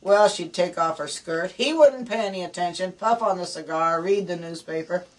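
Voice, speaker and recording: A woman's voice: on the low side, normal speed, recorded from a distance, low-quality recording. An older woman, a former burlesque dancer, telling rambling stories on a guided tour and laughing as she talks. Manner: rambling anecdotal, laughs while talking.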